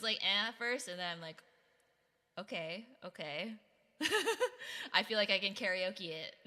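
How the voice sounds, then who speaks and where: Bright, chatty woman streamer. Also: mid-range voice, in a large hall. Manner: chatty, giggly, reads chat aloud. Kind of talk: casual live-stream chat.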